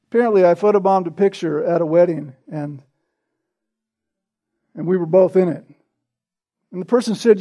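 A man preaching a sermon with a notably high, light voice. His tone is mellow and warm rather than bright. He tells his stories conversationally and keeps checking in with the congregation through rhetorical questions. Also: lively intonation, normal speed, long pauses. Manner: conversational storytelling, asks the listeners rhetorical questions. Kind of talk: expository sermon.

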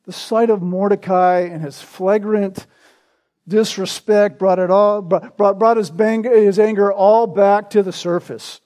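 A man's voice: high voice, fairly even intonation, measured pace, a little mellow. A man preaching an expository sermon in a conversational, storytelling way, often turning to his listeners with rhetorical questions.

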